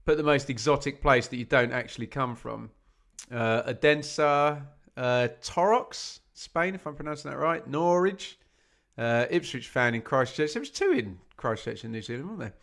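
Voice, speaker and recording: A man's voice: medium pitch, expressive, moderate pace, vocal fry, fairly bright tone. A man hosting a live football watch-along stream, chatting casually with viewers, reading out where they are watching from, and joking at his own expense. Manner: chatty, reads out viewer locations, self-mocking.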